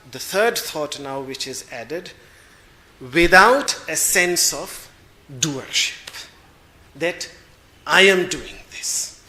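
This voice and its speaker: Slow, bright-voiced male spiritual teacher. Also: fairly high pitch, reverberant. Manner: slow and measured, searches for words as he explains. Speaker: teacher of Vedanta. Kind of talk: spiritual discourse.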